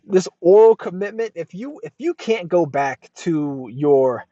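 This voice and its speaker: An American man hosting a casual advice podcast, reacting to a post in an emphatic, lively way and swearing freely. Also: sits high, measured pace, dry recording. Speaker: podcast host. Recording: dull lo-fi dry sound.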